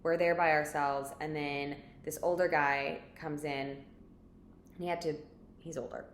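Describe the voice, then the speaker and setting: A woman's voice: low voice, steady tone, measured pace. A woman vlogger telling a story in a chatty, rambling way, full of filler words. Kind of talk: casual storytelling to camera. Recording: echoey room with faint background noise.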